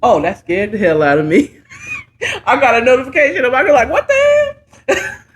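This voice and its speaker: A woman's voice: fairly high pitch, big pitch swings, moderate pace, faint music behind. A middle-aged woman giving casual, sassy, playful commentary while reviewing a talk show.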